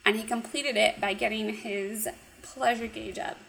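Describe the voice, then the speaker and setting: A woman casually recapping a cartoon episode, animated and giggly, acting out the characters' lines. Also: fairly high pitch, a little slow, vocal fry, rough recording. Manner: animated retelling with acted quotes, giggly. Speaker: podcast co-host.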